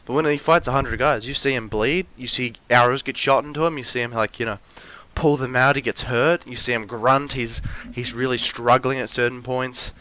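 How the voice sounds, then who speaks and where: Bright-voiced young man ranting, rambling. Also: mid-range voice, steady tone, normal speed, few pauses. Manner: rambling with frequent restarts and fillers; acts out mocking quotes of characters. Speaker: video essayist. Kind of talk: ranty casual monologue.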